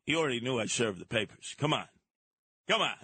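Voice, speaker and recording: Combative older New radio guest. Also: male voice, mid-range voice, animated, a little fast, sharp tone, husky, no echo. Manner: combative, theatrical storyteller. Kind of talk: talk radio debate.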